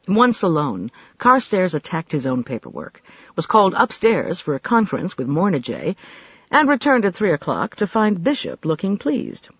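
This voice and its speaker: Male audiobook narrator, slightly high voice, even delivery, dull lo-fi tone. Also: moderate pace, slightly rough, no room sound. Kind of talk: scripted narration.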